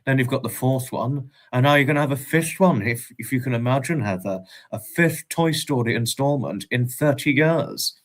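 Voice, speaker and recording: A man hosting a livestream in casual chat, warmly greeting viewers and reading out their comments with frequent chuckles. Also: medium pitch, normal speed, few pauses. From United Kingdom. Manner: affectionate, greets viewers as darling, chuckles often. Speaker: livestream host.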